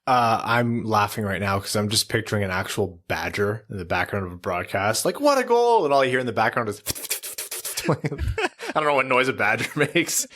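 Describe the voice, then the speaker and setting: A man's voice: fairly low pitch, animated, fairly quick, pushed and bright. A man co-hosting a casual podcast, joking and reading out listener messages. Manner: laughing, reads listener messages. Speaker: podcast co-host.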